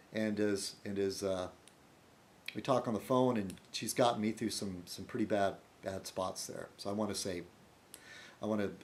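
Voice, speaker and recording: A man talks to camera in a loose, rambling monologue. His pitch swings widely as he goes, dropping low for asides and jumping up when he laughs, and he backtracks often. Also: darkish tone. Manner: meandering, many restarts and fillers, laughs often. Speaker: video blogger.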